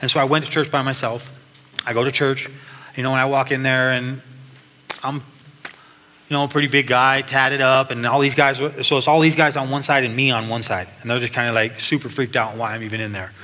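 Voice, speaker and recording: A man's voice: mid-range voice, little pitch movement, fairly quick, bright, forceful tone. A man giving an earnest personal testimony at church, telling his story with frequent restarts. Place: large church hall. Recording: long hall reverb, faint background noise.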